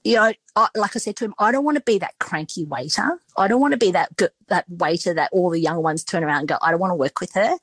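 A woman's voice: fairly low pitch, animated, fast talker, few pauses, a bit bright, slightly rough, dry recording. A woman, a restaurant owner telling stories in a casual podcast interview, chatty and full of fillers. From Australia. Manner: chatty, emotional storytelling with many fillers.

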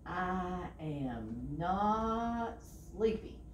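Wide-awake little storybook bird, defiant and whiny, a woman reading aloud puts him on; slow, roomy, off-mic. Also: a little high, huge pitch swings, a little mellow, recorded from a distance, slight background noise, pitched above the performer's own voice, exaggerated voice. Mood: stubborn. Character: restless young male bird who won't sleep.

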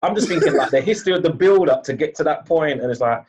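A man interviewing in a casual chat, cutting in with excited quick reactions. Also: fairly high pitch.

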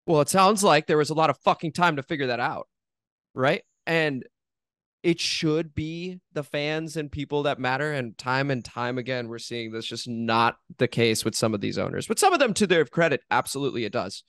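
A man's voice: a little high, lively intonation, moderate pace, a bit bright, dry recording. A man co-hosting a casual sports podcast, agreeing bluntly and swearing now and then. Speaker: podcast co-host.

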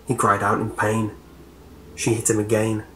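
A man narrating a scripted horror story in a slow, measured way. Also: lowish voice, monotone, pushed and bright. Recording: roomy echo, faint hiss.

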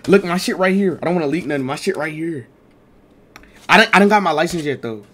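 Excitable slangy young-sounding male streamer. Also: fairly high pitch, quick pace. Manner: slangy, excitable storytelling that swings from mumbled asides to loud exclaims. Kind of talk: storytime chat to a live stream.

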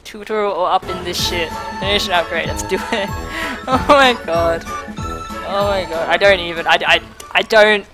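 A woman's voice: fairly low pitch, moderate pace, over music, low-quality recording. A young Australian woman live-streaming, laughing a lot, overwhelmed and swearing freely while she chats. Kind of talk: casual live-stream chat.

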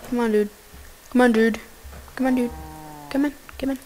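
A woman giving goofy, excitable casual gameplay commentary, talking to the animals in her game. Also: fairly high pitch, moderate pace, a little hiss or hum.

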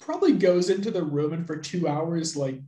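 A podcast host with a high voice talks loosely and rambles, packing his speech with fillers and laughing often. His voice bounces around a roomy, echoey space. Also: normal speed, mellow. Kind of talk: casual discussion.

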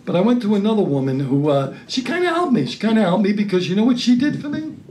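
A male stand-up comedian on stage telling a story, excitable and ranting, breaking into loud outbursts. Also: high-pitched, fast talker, slight background noise.

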